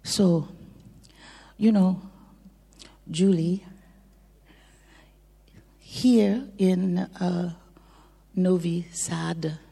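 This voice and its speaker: A woman bandleader chatting with the audience between songs, drifting into soft near-whispered asides. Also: on the low side, steady tone, drawn-out words, vocal fry, pauses often, breathy edge. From lived in France twenty-four years. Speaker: bandleader on stage. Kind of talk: stage banter between songs. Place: large concert hall with an audience. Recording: reverberant hall with a faint crowd.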